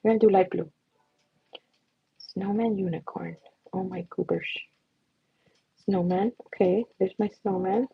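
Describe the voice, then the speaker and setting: A woman's voice: mid-range voice, steady tone, measured pace, vocal fry, pauses often, breathy edge, dry recording, lo-fi sound. A young woman hosting a casual drawing livestream, chatty and giggly, laughing at her own doodles as she talks. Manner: giggly, chatty, self-mocking.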